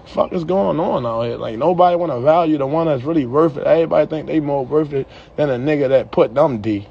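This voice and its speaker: A man's voice: on the high side, fast, creaky, lo-fi sound, a little hiss or hum. A young man in a heated, profane rant to the camera, ending his lines with "yo". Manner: profane, heated, repeats "yo" at line ends.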